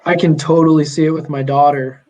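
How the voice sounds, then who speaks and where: A young man, a podcast guest, chatting casually and telling animated stories with lots of fillers. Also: on the high side, brisk, poor audio. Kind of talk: casual chat.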